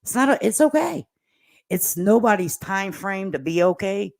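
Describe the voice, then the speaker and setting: Woman, livestream host, casual chat, laughs a lot, swears easily, mid-pitched voice. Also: very animated, normal speed, vocal fry, a little mellow. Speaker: livestream host reading viewer comments.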